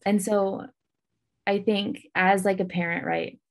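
A woman's voice: mid-range voice, level tone, slow, gravelly. A pregnant woman co-hosting a parenting podcast in a chatty manner, a bit winded, with many fillers. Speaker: podcast co-host. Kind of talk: casual chat on parenting.

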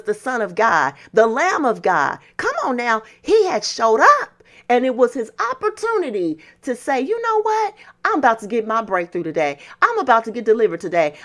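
A woman preaches a fervent sermon, her high voice gravelly and swinging widely up and down. She keeps calling back to the listeners and climbs into shouted emphasis. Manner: call-and-response preaching, rising to shouts.

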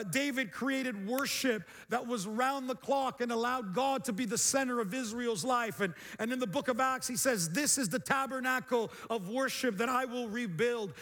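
A middle-aged man preaching a sermon as pastor, energetic, with repeated phrases and calls to the congregation. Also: very high-pitched. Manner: energetic, repetitive call-and-response preaching.

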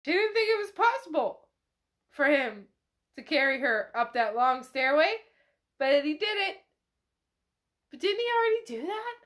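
A woman's voice: high voice, sing-song, normal speed, long pauses, a bit bright. A woman hosting a podcast, retelling a novel in a casual, chatty way, full of "like" and swearing. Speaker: podcast host. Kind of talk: casual book recap chat.

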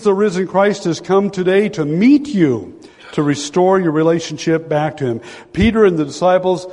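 A man's voice: medium pitch, warm tone. A man preaching a sermon, retelling a story with emphasis and often repeating his key phrases. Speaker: pastor. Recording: long hall reverb.

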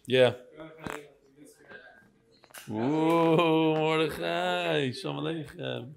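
A man's voice: a little high, extremely slow, vocal fry, a crowd in the background. A man hosting a casual live stream, greeting viewers by name and teasing them. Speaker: host of a live online talk.

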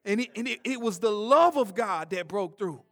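A man preaching a sermon, swinging between urgent loud passages and hushed intense ones, often repeating words. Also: sits high, expressive, normal speed. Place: church.

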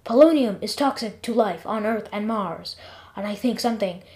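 Woman voicing a dramatic whiny Martian, excitable, groaning, yelping. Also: medium pitch, normal speed, lightly acted. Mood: stern.

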